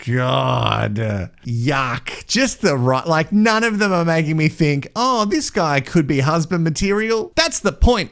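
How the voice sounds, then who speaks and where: A man's voice: high-pitched, a bit bright. A young man hosting a casual recap vlog, playful and sarcastic, laughing often. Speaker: vlog host recapping a reality show.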